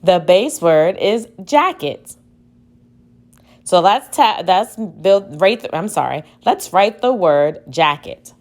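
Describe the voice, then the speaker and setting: Very slow, measured woman teacher. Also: fairly low pitch, expressive. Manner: spells words letter by letter, tapping out syllables. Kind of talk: slow spelling dictation lesson.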